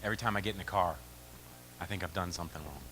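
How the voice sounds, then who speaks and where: Guy giving a talk at a sports meeting, low-ish bright voice, jumps all over in pitch telling stories. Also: rapid-fire, soft background music. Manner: animated storytelling. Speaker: youth sports speaker. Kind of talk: conference talk. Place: meeting venue.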